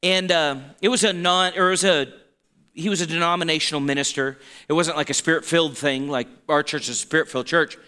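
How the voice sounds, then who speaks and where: A man's voice: a little high, steady tone, fast, pushed and bright, clear, resonant tone, big-room sound. A man preaching a sermon as pastor, talking in a conversational way that stops and restarts often, with asides to the congregation. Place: church sanctuary.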